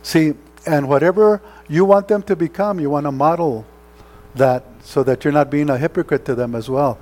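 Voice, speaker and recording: A man's voice: a little high, normal speed, a little mellow. A man preaching a sermon as pastor, earnest and conversational, often checking in with rhetorical questions. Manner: earnest, exhorting.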